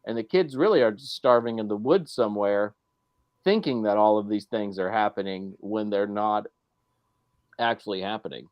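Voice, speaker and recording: A man's voice: on the low side, moderate pace, smooth, lo-fi sound. A man on a video call panel, musing wryly and speculatively about a film in casual discussion. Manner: wry, speculative.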